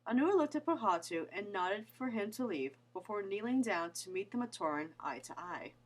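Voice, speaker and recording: A woman's voice: medium pitch, normal speed, a little hiss or hum, low-quality recording. Woman narrating a fan story. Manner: even, descriptive reading.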